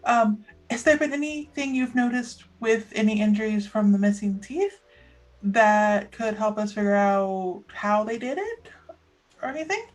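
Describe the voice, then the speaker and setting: A woman's voice: medium pitch, a little slow. A woman player speaking in character in a tabletop game, hesitant and polite.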